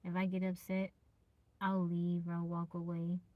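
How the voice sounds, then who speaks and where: Soft-spoken, easygoing woman streamer. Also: on the low side, completely flat delivery, moderate pace, dry recording, muffled recording. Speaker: live streamer. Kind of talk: casual live-stream chat.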